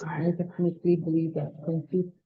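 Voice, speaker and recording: A woman with a lowish voice chairs a formal board meeting. She reads motions and calls votes in a measured, procedural way. The recording is muffled and lo-fi. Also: level tone, husky.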